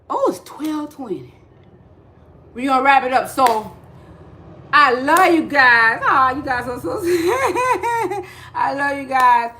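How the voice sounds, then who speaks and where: A high-pitched woman with a bright, sharp voice talks unhurriedly through a casual spiritual livestream. She speaks in loose slang and repeats herself, laughing often as she answers her chat.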